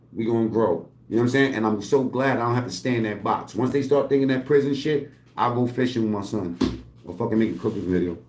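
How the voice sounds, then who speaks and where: A man's voice: medium pitch, a little mellow. A man in a casual, rambling home vlog, loose and streetwise, dropping curses as he wanders between thoughts. His voice sits in the middle range and bounces around an echoey room. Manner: loose, streetwise, heavy swearing, rambling asides. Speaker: channel host. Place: at home, indoors.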